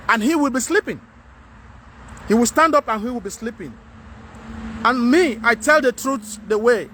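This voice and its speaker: A man's voice: very high-pitched, lively intonation, moderate pace, pauses often, pushed and bright. A man with a Nigerian English accent, giving a frank, earnest monologue to camera as a vlogger, often repeating himself to press a point.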